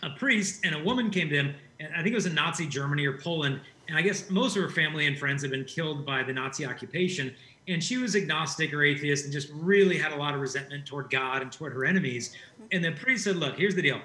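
A man's voice: a little high, fast talker, bright, forceful tone, echoey room, low-quality recording. A man speaking as a guest, telling stories animatedly and acting out the quoted lines. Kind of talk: conversational faith discussion.

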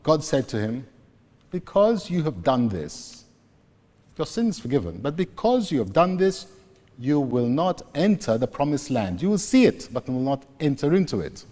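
A man preaching a sermon, slowly and deliberately retelling scripture scenes. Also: medium pitch, big pitch swings, darkish tone. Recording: long reverb, echoey hall.

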